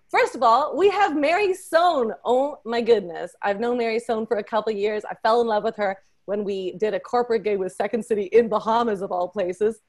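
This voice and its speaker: A woman hosting a podcast, introducing a panel with effusive, excitable energy and playful teasing. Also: fairly high pitch. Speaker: podcast host.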